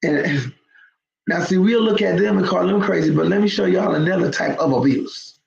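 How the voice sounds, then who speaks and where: Gravelly woman telling a story. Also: lowish voice, normal speed, a little mellow, a little hiss or hum. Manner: emphatic, conversational storytelling. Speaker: host. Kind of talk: storytelling talk to viewers. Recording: roomy, dull lo-fi sound.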